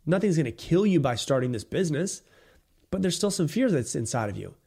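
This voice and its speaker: A man's voice: a little high, big pitch swings, a little fast, gravelly, dark tone, husky. Blunt, emphatic male podcast host. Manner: blunt, emphatic, repetitive, swears casually. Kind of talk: solo motivational podcast talk.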